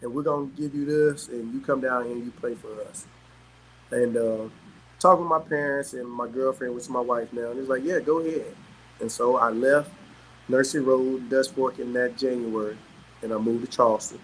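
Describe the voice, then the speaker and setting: A middle-aged man from South Carolina, telling stories as a guest in casual chat, animated and quick to laugh. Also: mid-range voice, slight background noise, low-quality recording. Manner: animated, laughs often, peppers talk with "man". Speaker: guest, former pro athlete. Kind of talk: casual storytelling.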